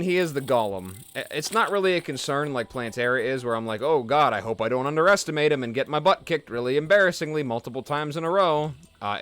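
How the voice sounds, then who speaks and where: A man's voice: medium pitch, a bit bright. Rambling young man narrating his gameplay. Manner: rambling, chatty, self-deprecating. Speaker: gaming let's play host. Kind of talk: casual gameplay commentary.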